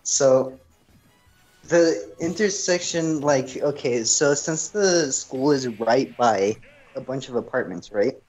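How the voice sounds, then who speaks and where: A man's voice: medium pitch, slow pace, darkish tone, poor audio. Young guy rambling thru a story at home, faint game music behind. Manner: rambling storyteller, leans on "freaking". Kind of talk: casual chat.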